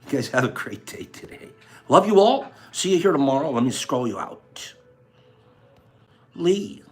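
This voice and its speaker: Playful male livestream host, lively pitch. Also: measured pace, soft background music. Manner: playful, teasing, chatty with viewers. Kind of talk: casual livestream chat.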